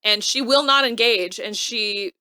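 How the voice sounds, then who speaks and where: A woman co-hosting a casual recap podcast, retelling scenes in an animated way and acting out the characters' lines. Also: mid-range voice, unhurried, clean tone, dry recording, studio quality. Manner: animated retelling, acting out quotes in varied voices. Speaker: podcast co-host recapping a TV episode. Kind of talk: casual chat.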